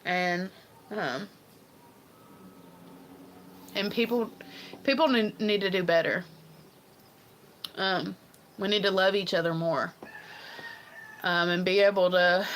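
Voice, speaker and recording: A woman hosts her own livestream in a bright, forward voice, speaking in earnest and often restarting her sentences between ums. She talks casually and directly to her viewers, with faint noise behind her. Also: on the low side, rough recording. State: tearful at times. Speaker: livestream host. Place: farm home.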